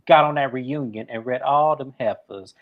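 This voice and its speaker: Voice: medium pitch, normal speed, narrow, tinny audio. A co-host in casual recap chat, emphatic and full of repeated rhetorical questions.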